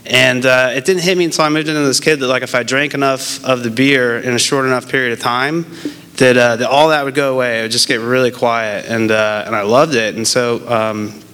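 A young man, casual and candid, telling his own story in a halting, rambling way with many fillers and restarts, and making fun of himself. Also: mid-range voice, bright, forceful tone, smooth. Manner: candid and self-deprecating. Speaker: person in recovery sharing his story. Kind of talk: casual personal testimony.

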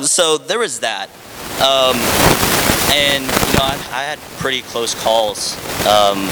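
A man's voice: on the low side, big-room sound, background noise. A man, a former Marine, candidly telling his own story with fillers and dry, self-deprecating humor.

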